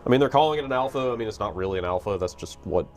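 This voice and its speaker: A man's voice: lowish voice, lively intonation, racing, a little mellow. A man hosting a video game stream, chatting casually, rambling and correcting himself with dry humor. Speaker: video game show host. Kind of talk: casual chat while playing a game. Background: faint game music.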